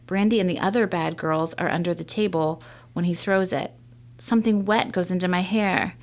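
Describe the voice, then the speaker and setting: A woman reading a children's novel aloud in a measured first-person storytelling manner. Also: lowish voice, fairly even intonation. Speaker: reader.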